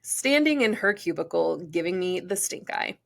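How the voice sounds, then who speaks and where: A woman's voice: fairly low pitch, normal speed, gravelly. Giggly, chatty young woman co-host. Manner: chatty, giggly, animated when reading stories. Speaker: podcast co-host. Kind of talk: casual chat and reading listener stories aloud.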